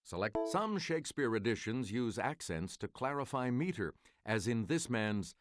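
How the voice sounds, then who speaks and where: A quiz show host reads clues and answers in a crisp, measured announcer style. His voice sits at an ordinary middle pitch for a man, yet it swings widely and expressively through every line.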